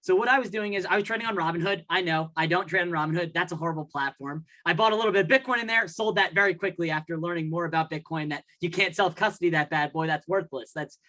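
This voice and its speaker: A man's voice: high voice, quick pace, hardly any pauses, bright, forceful tone. A man hosting a podcast, telling a long story in a rambling way. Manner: rambling storyteller, acts out his own thoughts. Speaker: podcast host. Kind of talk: casual podcast chat.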